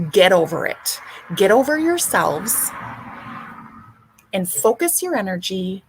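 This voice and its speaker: A woman's voice: medium pitch, slightly rough. A woman hosting a livestream, ranting bluntly and sarcastically with frequent swearing. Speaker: livestream host.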